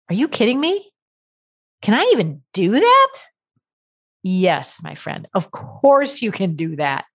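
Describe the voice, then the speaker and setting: A middle-aged woman coaches her listeners in a solo podcast monologue, her voice sitting a little low for a woman. She talks bluntly and emphatically. She keeps pressing the listener with rhetorical questions and cheering them on. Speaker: podcast host and life coach.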